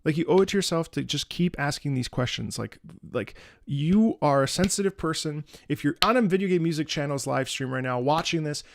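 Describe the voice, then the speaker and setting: A man streaming music chats casually while reacting to it, earnest and rambling, often repeating words and restarting, with the odd swear. His voice is fairly high-pitched, expressive, and brisk, with vocal fry, against a noisy background.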